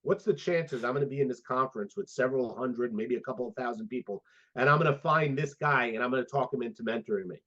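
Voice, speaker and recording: Speaking fast at a medium pitch, this sport psychologist guest in his fifties spins stories during a relaxed interview. He animates each tale by performing the lines people said, and the recording sounds dull and lo-fi.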